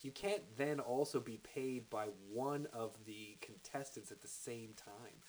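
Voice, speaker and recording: Animated man chatting, faint hiss. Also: mid-range voice, low-quality recording. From Canada. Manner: animated, emphatic, quick to argue. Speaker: podcast co-host. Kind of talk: casual chat.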